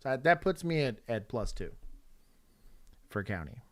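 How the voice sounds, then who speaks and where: A man's voice: mid-range voice, sing-song, a little slow, fairly bright tone. A man from Texas, a former police officer, hosting a casual livestream and wryly grading police footage.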